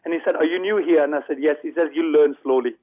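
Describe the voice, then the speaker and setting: A man's voice: a little high, steady tone, very fast. Man telling stories over a tinny phone. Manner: anecdotal, repeats words when starting. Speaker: phone-in guest. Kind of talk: casual storytelling chat.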